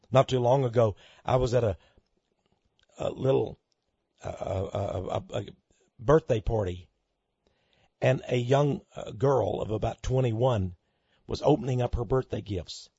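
A man preaching a sermon to listeners he calls friends, swinging between loud outbursts and hushed asides. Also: medium pitch, slow pace, long pauses, slightly rough, dry recording. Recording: dull lo-fi recording.

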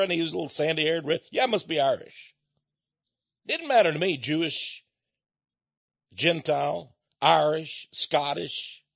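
An American man delivering an emphatic lecturing monologue, repeating points and dropping between loud stresses and low asides. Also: vocal fry, slightly rough, no room sound. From United States. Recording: dull lo-fi, dry recording.

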